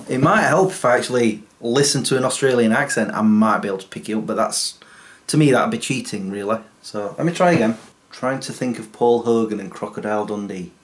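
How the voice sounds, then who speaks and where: A man's voice: fairly low pitch, a little fast. A man chatting casually in a comedy vlog, self-deprecating and chatty. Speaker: vlogger.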